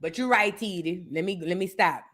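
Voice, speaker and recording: A woman's voice: on the low side, moderate pace, fairly bright tone. A woman hosting a reaction show, chatting casually with playful, dramatic asides and bits of singing. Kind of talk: casual commentary.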